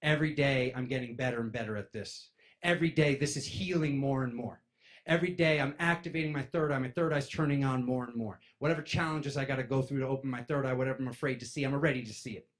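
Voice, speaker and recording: Animated man telling spiritual stories. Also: medium pitch, quick pace. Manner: animated, acts out voices in stories, addresses crowd as "you guys". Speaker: spiritual speaker. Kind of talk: casual storytelling talk to an audience.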